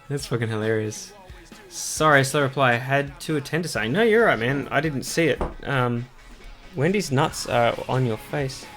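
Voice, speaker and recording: A man's voice: medium pitch, animated, moderate pace, soft background music. A man chatting casually on a livestream while painting a model, loose and sweary, reading chat messages aloud and answering them.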